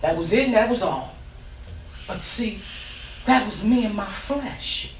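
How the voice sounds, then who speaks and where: A woman minister preaching an impassioned sermon, telling the story with rising shouts, in a church sanctuary. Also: mid-range voice, unhurried, slight background noise. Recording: echoey church from far off.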